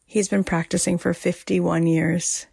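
A woman hosting a podcast, talking softly and emotionally, often dropping almost to a whisper. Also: fairly low pitch, flat delivery, a little slow, vocal fry, husky, no echo. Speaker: podcast host. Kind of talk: personal podcast monologue.

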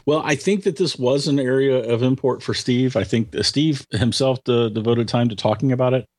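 Husky guy talking tech, stops n restarts a lot. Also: mid-range voice, moderate pace, darkish tone. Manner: hesitant, many restarts, then emphatic. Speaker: tech commentator. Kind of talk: casual conversation.

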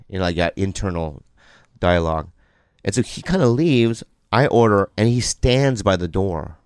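A man's voice: on the low side, moderate pace, smooth, no echo, studio quality. A man who is a podcast guest, telling a story in casual chat and acting out the people in it. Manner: animated, acts out the people in his stories.

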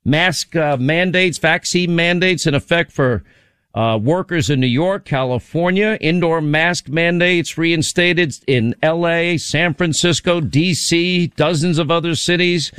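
Man, talk radio host, sarcastic, combative, fairly high voice, dry studio sound. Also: unhurried, fairly bright tone, clear, resonant tone, dry recording. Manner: combative, sarcastic, rhetorical questions. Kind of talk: political talk monologue.

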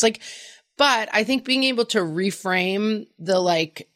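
Lively mom chatting, quoting her kids. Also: on the high side, normal speed, no echo, clean studio sound. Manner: animated, acts out quotes in funny voices. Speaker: podcast co-host. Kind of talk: casual chat.

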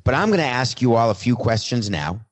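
A man's voice: medium pitch, very animated, brisk. A man doing a comedic sports monologue, talking in casual, self-mocking asides. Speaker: sports commentator.

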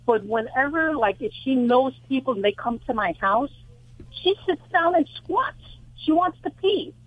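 A woman's voice: sits high, animated, moderate pace, husky, no room sound. A woman caller with a New York accent, describing her dog's problem on a radio call-in show, talking eagerly and repeating herself. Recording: tinny phone line.

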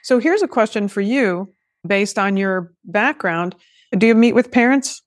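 A woman's voice: medium pitch, animated, a little slow, dry recording, clean studio sound. A woman hosting a podcast, chatting casually with self-deprecating asides. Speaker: podcast host. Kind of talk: casual interview chat.

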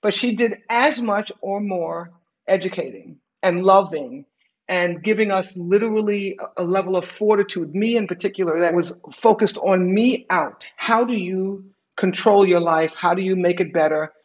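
An older woman speaks as a guest in a candid interview, reflective yet emphatic. She leans on repetition to drive her points home, her pitch sitting in an ordinary middle range. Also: normal speed. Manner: emphatic, repeats key phrases, reflective. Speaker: guest, retired executive.

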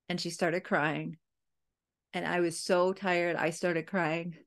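A woman's voice: lowish voice, fairly even intonation, takes it slowly. A woman in her thirties, a podcast host and parenting coach, telling a personal parenting story in a candid, chatty way with many asides to her listeners. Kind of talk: casual storytelling monologue.

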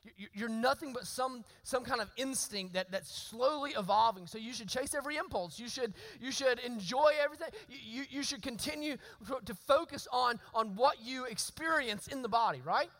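A man's voice: very high voice, fairly quick, few pauses, a bit bright. A male pastor preaching a sermon in a church, talking conversationally, repeating his phrases and asking the congregation questions. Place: church sanctuary. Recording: long hall reverb.

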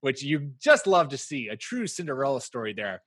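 A man co-hosting a casual podcast chat, animated and joking, rambling through restarts. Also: medium pitch, a little fast, husky, no echo. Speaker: podcast co-host.

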